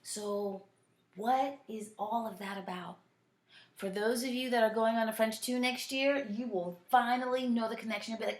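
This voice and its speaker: A woman teaching a French class, drilling verb conjugations slowly and patiently, often asking "right?". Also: fairly high pitch, steady tone, echoey room. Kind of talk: recorded classroom lesson, switching between French and English.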